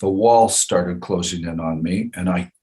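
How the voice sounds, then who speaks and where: A man who is a guest on a podcast, telling a personal story in an earnest, folksy, measured way. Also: low voice, mellow, low-quality recording.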